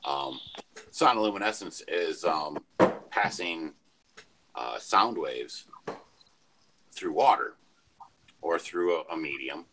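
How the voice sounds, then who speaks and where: Very deep man explaining over a noisy mic. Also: lively intonation, slow, long pauses. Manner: explains with many fillers and restarts. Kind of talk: casual panel chat.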